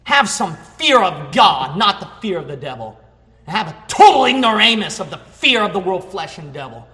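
A man's voice: sing-song, normal speed. Fervent male preacher in an echoey hall. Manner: fervent, emphatic preaching that swings from low talk to shouting. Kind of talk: sermon. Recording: echoey hall with long reverb.

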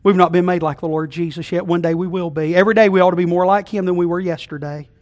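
High-voiced folksy preacher, loud to hushed. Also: male voice, fairly even intonation, fast talker, dull audio. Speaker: pastor. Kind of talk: sermon. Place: church sanctuary.

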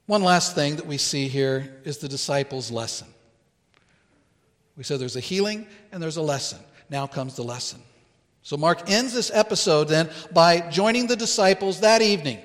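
A man preaching a sermon as pastor in a church, earnest and deliberate, pausing to stress key words. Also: on the high side, animated, a bit bright, big-room sound. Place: church sanctuary.

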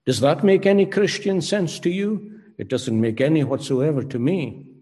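A man preaching a sermon, emphatic and rhetorical, pausing dramatically and questioning his listeners. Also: fairly high pitch, warm tone. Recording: long hall reverb.

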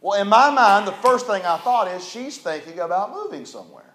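A pastor with a notably high voice delivers a sermon, dropping to quiet storytelling and then swelling into loud, emphatic declarations. The sound carries the roomy echo of a church hall. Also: male voice, animated, fairly quick. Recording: echoey church room.

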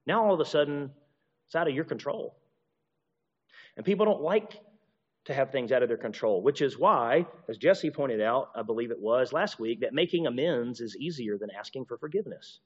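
In a dull recording with long reverb, a man, likely a pastor or teacher, preaches a sermon in a husky, mid-range voice at normal speed. He talks animatedly, restarting often and repeating words, and acts out apologies in shifting voices.

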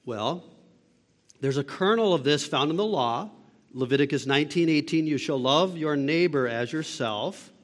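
A man's voice: a little high, lively intonation, normal speed, long reverb tail. A man preaching a sermon as a pastor, emphatic and asking the listeners rhetorical questions.

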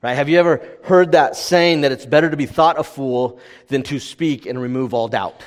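Pastor guy preaching, chatty, keeps saying right?, mid pitch, church hall echo. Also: moderate pace. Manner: conversational preaching, frequent "right?" tag questions. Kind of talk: sermon.

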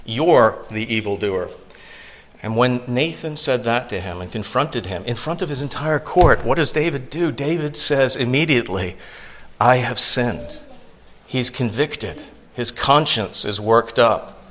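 A man preaching a sermon from the pulpit, animated and acting out the voices of the people in his story. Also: mid-range voice, moderate pace. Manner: animated, acts out quoted voices. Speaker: pastor.

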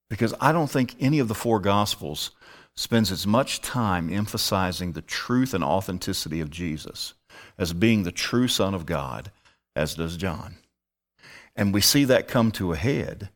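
Bible teacher, male, fairly low voice, emphatic, poses rhetorical questions to the room.

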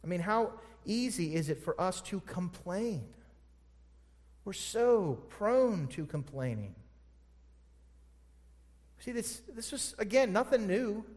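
A fairly high-voiced man preaching from a pulpit, firing rhetorical questions at his listeners. He swings from low, hushed passages to loud, forceful peaks. His voice rings with the long reverb of a large church hall. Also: lively intonation, slow, pauses often. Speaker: pastor. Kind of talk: sermon.

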